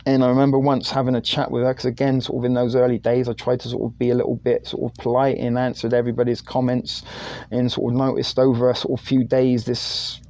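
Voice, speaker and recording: Mellow, rambling man telling a story. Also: medium pitch, monotone, fast. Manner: rambling, self-deprecating, many fillers and hedges. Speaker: live stream host. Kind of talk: casual anecdotal chat.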